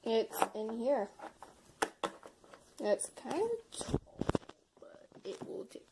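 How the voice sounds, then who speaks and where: Playful woman narrating toy play, high voice. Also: slow pace, heavy background noise. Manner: playful, dramatic, jumps between whispers and excited shrieks.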